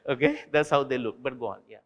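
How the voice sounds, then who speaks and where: Animated man lecturing in a hall. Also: mid-range voice, fast talker. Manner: animated, digressive, addresses audience directly. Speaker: invited speaker. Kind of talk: lecture Q&A with students.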